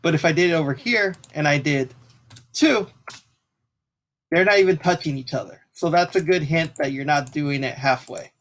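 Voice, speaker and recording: A man's voice: fairly high pitch, brisk, hardly any pauses, fairly bright tone. Casual man talking through a math tutorial. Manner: casual, talks while clicking, apologizes for slips. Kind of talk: screen-recorded software tutorial.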